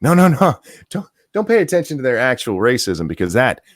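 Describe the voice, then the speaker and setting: Heated, animated male ranter. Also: medium pitch, fairly quick, no room sound, clean studio sound. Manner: profane, heated, mocking outbursts. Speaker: host. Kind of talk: angry political rant.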